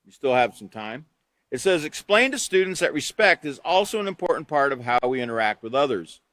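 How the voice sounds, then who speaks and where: A man with a mid-range voice, speaking a little fast on a dry recording, leads a live online training course for teachers. He reads steps from a manual, then explains them with lively examples.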